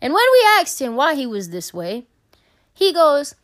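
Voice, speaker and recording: A young woman co-hosting a casual podcast, telling stories in an animated, profane, dramatic way. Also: high-pitched, moderate pace. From Caribbean family. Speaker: podcast co-host. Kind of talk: casual storytelling chat.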